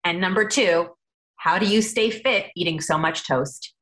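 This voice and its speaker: A woman's voice: lowish voice, unhurried, a bit bright, rough recording. A woman co-hosting an interview, reading questions aloud in an upbeat way. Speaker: podcast co-host.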